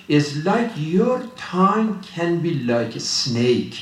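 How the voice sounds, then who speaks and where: A man's voice: a little high, very animated, slow. Man preaching in a roomy hall. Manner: repetitive, emphatic, conversational with many restarts. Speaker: religious speaker. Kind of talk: informal sermon. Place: mosque hall. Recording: roomy, distant mic.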